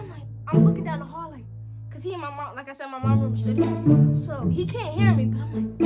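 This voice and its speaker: A young woman with a very high voice tells a storytime for her vlog, slangy and animated as she acts out what everyone said. Music plays clearly under her voice. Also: normal speed. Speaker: vlogger.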